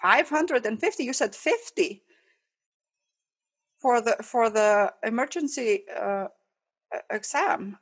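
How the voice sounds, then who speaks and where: Woman plays a distraught male pet owner in a told joke, higher and insistent. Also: lively intonation, slow, pauses often, full character voice.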